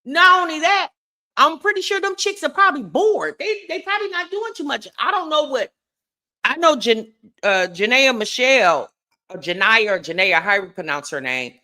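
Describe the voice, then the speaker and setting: Chatty woman with a bright, lively voice. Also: sits high, normal speed. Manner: chatty, opinionated, addresses viewers as y'all. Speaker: commentary host. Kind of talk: casual gossip commentary.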